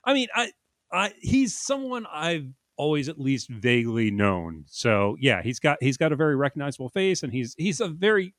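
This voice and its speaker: A man co-hosting a podcast in casual chat, measured and dryly teasing. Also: on the high side, very animated, a bit bright, dry recording, studio quality. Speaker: podcast co-host.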